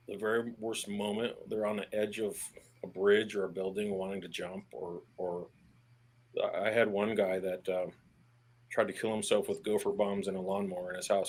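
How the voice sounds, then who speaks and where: A man who is an army veteran, talking candidly as a podcast guest, plain-spoken and earnest, with casual swearing and halting restarts when he stresses a point. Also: fairly low pitch, breathy edge. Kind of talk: candid podcast interview conversation.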